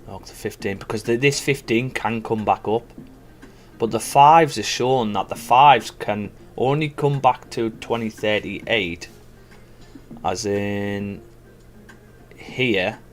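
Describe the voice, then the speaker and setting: A man with a fairly low voice speaks slowly over faint background music, giving live commentary as a forex trader. He thinks aloud casually and chats with his viewers during the trading stream.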